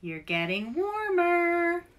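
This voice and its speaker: A woman voicing a playful, pushy little female bird who squeals with excitement. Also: very high-pitched, slow, pitched above the performer's own voice, heavily acted.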